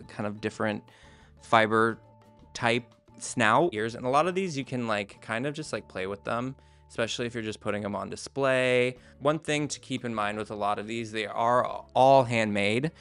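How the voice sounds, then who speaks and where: A man talks through his handmade plushies in a relaxed, rambling way, laughing at his own jokes. His voice is gravelly but smooth and resonant. A soft bed of music plays under him. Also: mid-range voice, moderate pace. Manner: laid-back, rambling, self-deprecating, many fillers. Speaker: crochet maker presenting his handmade shop. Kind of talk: casual vlog show-and-tell. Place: indoor room at home.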